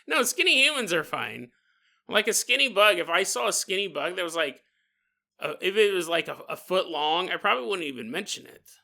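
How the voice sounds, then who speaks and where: Gravelly, bright-voiced man telling a story. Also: high voice, fairly quick. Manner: rambling, joking, animated asides. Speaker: podcast host. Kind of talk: casual storytelling.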